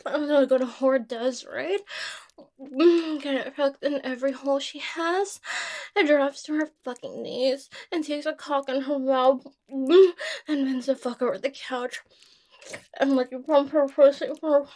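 A young adult woman performing adult audio role-play, with a teasing, intimate and unhurried delivery. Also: sits high, steady tone, a little mellow.

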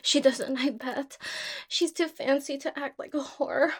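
A young adult woman performing adult audio role-play, with a teasing, intimate and unhurried delivery. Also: high-pitched, fairly even intonation.

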